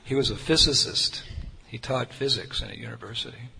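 A man's voice: medium pitch, fairly quick, vocal fry. A man preaching a sermon, telling a personal story in an earnest, conversational way. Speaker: Hare Krishna preacher. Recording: reverberant hall with faint noise.

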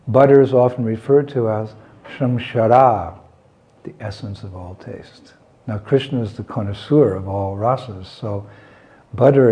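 A man giving a devotional lecture, retelling a scripture story with frequent chuckles and hesitant fillers. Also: mid-range voice. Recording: dull lo-fi recording.

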